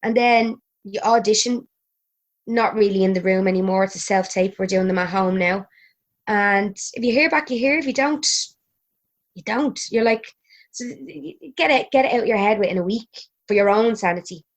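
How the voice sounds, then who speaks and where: A woman's voice: medium pitch, moderate pace. A woman in her thirties with an Irish accent, chatting as a podcast guest, laughing and swearing freely. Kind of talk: casual chat.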